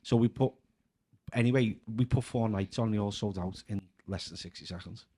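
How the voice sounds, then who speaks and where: A man's voice: lowish voice, moderate pace, mellow, breathy edge. A man with a Scouse accent, a comedian guest telling casual stories on a podcast, chatty and laughing often. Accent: Scouse (Liverpool). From Liverpool, England. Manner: chatty, breaks into laughter, leans on filler "like". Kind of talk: casual anecdotal storytelling.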